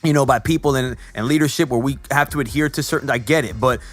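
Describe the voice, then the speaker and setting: A man's voice: mid-range voice, fast talker, no room sound, soft background music. A man co-hosting a podcast, speaking earnestly and preachily about faith and distrust of the media. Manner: earnest, preachy, religious talk; animated, laughing and shouting at the close. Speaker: podcast co-host. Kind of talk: casual podcast talk.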